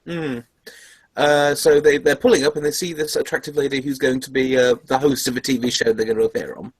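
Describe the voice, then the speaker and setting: Giggly podcast host, dry sound. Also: male voice, mid-range voice, steady tone, a little fast, husky, dry recording, low-quality recording. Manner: giggly, stumbling restarts. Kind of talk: casual chat.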